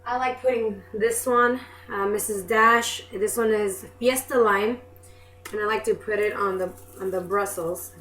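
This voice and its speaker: A woman's voice: medium pitch, steady tone, measured pace, a bit bright. A young woman chatting casually as she preps food in her home kitchen, self-deprecating and apologetic as she goes. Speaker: home cook vlogger. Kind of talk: casual cooking demonstration. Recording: echoey kitchen with background noise.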